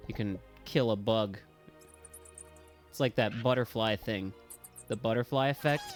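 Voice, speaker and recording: An excitable man giving live commentary on a video game, swearing freely and yelping at every mishap. His voice sits at an ordinary, middle pitch for a man, with faint game music running quietly behind him. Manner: excitable, swears freely, yelps and talks to chat. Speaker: streamer. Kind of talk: casual live gameplay commentary.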